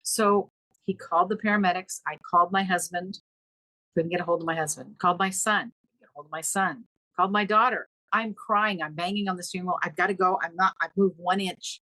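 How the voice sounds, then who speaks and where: Middle-aged woman, podcast guest, low voice, dry, animated storyteller. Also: brisk, no room sound, rough recording. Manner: animated, acts out quoted dialogue with pitch leaps. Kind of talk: emotional storytelling in conversation.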